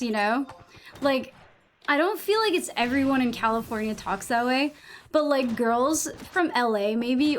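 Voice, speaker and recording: A woman's voice: sits high, slight background noise. A young woman with a New England accent chatting casually while gaming on a live stream, rambling, saying "like" a lot and swearing freely.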